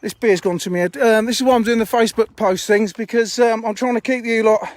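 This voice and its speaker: A man's voice: sits high, quick pace, no room sound. A man chatting bluntly on a phone live stream while walking around his fishing lakes outdoors, a bit out of breath and swearing casually. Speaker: fishery owner streaming live.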